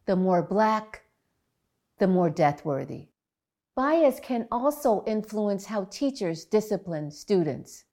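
Slow, measured woman giving a talk. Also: mid-range voice, big pitch swings, dark tone. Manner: measured, deliberate storytelling. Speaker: psychologist. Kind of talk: public talk.

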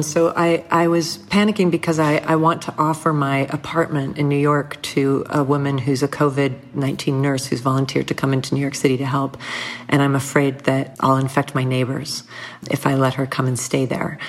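A middle-aged woman speaking candidly and thoughtfully as an interview guest, with soft laughs between thoughts. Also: extremely low pitch. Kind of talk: reflective conversational interview.

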